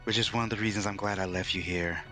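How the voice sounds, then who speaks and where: A man's voice: fairly low pitch, fairly even intonation, fast talker, pushed and bright, soft background music. A man voicing a weary adventurer who is being hunted, speaking hesitantly and politely.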